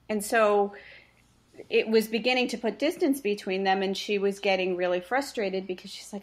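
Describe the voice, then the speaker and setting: Woman coach on a podcast, talks earnest, tells client stories, middle pitch. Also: fairly even intonation, moderate pace. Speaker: face reading practitioner and coach. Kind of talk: conversational podcast interview.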